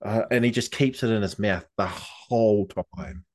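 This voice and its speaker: Laid-back, low-voiced New Zealand man. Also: moderate pace, darkish tone. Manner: rambling, swears freely, laid-back. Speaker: podcast co-host. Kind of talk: casual storytelling chat.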